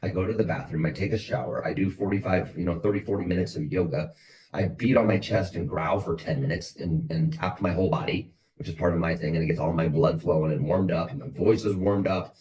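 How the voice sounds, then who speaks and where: A man with a deep, low voice leads his sales team on a video call. He talks bluntly and motivationally and keeps hammering the same points. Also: steady tone, brisk, a little mellow, low-quality recording.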